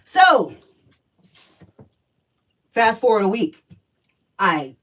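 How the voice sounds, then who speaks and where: A woman in her thirties tells her story in a casual vlog, blunt, profane and emphatic. Her voice sits a little high and sounds somewhat distant from the mic. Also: expressive, normal speed. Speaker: spiritual energy reader.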